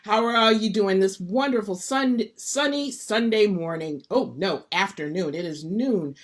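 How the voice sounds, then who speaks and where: A woman from the Detroit area hosting a live stream, greeting viewers by name in an upbeat, lively manner. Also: medium pitch, a little slow. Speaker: host.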